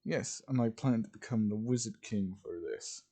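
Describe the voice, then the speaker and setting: A man's voice: lowish voice, normal speed, warm tone, breathy edge. A man reading a smug young wizard. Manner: smug, boastful. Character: smug, confident young male wizard rival.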